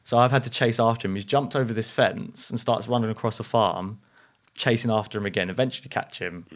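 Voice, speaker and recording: A man's voice: fairly low pitch, fairly quick. A man, a guest telling a rambling anecdote in casual chat, full of slang and fillers. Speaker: interview guest. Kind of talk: casual storytelling.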